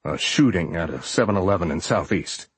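A man voicing a somber male agent supervisor who speaks in a subdued, hesitant, husky voice. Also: low-pitched, expressive, fairly quick, no room sound, full character voice. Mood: grave.

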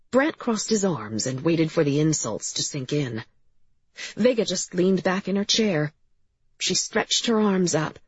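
A woman's voice: lowish voice, slightly rough, no echo. A woman reading a crime novel aloud in scripted narration, in a slightly dull, dry recording. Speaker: audiobook narrator.

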